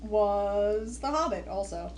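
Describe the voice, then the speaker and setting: A woman's voice: medium pitch, lively intonation, takes it slowly, darkish tone, slight background noise. A woman co-hosting a podcast in casual chat, wry and often laughing at her own jokes. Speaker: podcast co-host.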